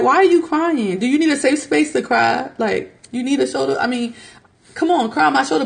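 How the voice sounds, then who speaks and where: A young American woman in her thirties hosting a podcast, talking casually and animatedly, often laughing and jumping into high mock voices when she quotes people. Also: gravelly. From United States. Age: young adult. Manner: animated, mimics others in high squeaky voices. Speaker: podcast host. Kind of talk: casual opinion monologue.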